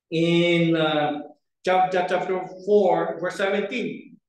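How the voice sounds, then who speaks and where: A man's voice: high voice, fairly even intonation, drawn-out words, a little hiss or hum. A man preaching a sermon in a church, earnest, repeating key phrases for emphasis and asking the congregation questions. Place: church hall. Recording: echoey room, picked up from a distance.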